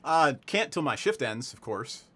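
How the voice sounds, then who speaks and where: A man's voice: on the high side, very animated, normal speed, a bit bright, breathy edge, voice pushed up, full character voice. Man voicing a cheery female town deputy. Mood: friendly. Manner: pleasant, eager to please, hospitable.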